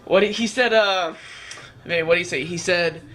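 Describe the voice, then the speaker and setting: A man's voice: high voice, moderate pace, fairly bright tone. A young man vlogging, telling a rambling, profane story full of fillers. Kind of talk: casual storytelling. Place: California trip, downtown L A.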